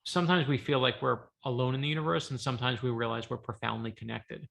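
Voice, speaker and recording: A man, an author, telling a lively story on a video call from his home office, acting out the dialogue. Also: medium pitch, fast talker, creaky. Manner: lively anecdotal, acts out dialogue. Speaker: author guest. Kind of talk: animated storytelling.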